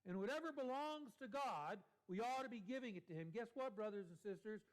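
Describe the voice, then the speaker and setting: A man preaching a sermon in a church, deliberate and repeating key phrases for emphasis. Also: sits high, lively intonation.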